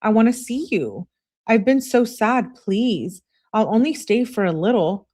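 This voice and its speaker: A woman's voice: on the high side, expressive, unhurried, warm tone, pitched above the performer's own voice. A woman voicing a clingy young woman who pleads and begs by text message. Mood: pleading. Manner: pleading, begging.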